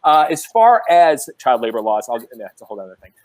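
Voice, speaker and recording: A man on a business roundtable telling a lively story, acting out the people he quotes. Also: mid-range voice, brisk, crowd noise. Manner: animated, acts out quoted voices. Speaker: panelist, business owner.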